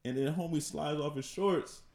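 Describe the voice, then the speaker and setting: A man telling a story on a podcast in a halting, casual way, often repeating words. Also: fairly high pitch, gravelly, a little mellow. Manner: halting, repeats words, laughs between lines. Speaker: podcast co-host. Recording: echoey room.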